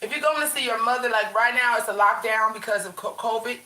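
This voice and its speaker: A woman with a bright, fairly high voice chats loosely with her viewers from her bedroom, stopping and restarting her sentences. Her nose is running. The room sounds echoey, with a faint hiss underneath. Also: quick pace. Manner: chatty, addresses viewers as y'all, lots of restarts. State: runny nose. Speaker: vlogger. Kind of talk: casual livestream chat.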